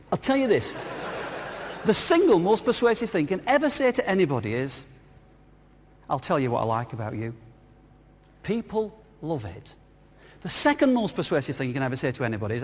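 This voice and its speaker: A man's voice: fairly high pitch, husky. A man, a business speaker giving a jokey, anecdotal conference talk and asking his audience questions. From northern England. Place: large hall with audience. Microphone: clip-on lapel mic. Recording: reverberant hall.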